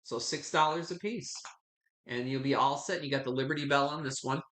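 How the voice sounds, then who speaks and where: A man in his fifties chats his way through a live online sale from home, with honey and sweetie for his viewers. He talks a little fast in a mid-range, fairly bright voice, and the sound is roomy.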